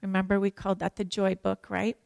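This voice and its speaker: A woman teaching a sermon to women, animated and emphatic, with playful joking asides. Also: medium pitch, fairly quick, creaky, no room sound. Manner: animated and emphatic, acts out prayers and quotes.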